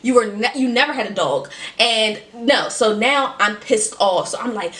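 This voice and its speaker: A woman's voice: mid-range voice, unhurried. Emphatic woman vlogger in an echoey room. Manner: emphatic, slangy, animated retelling. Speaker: vlogger telling a story. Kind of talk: casual storytime chat.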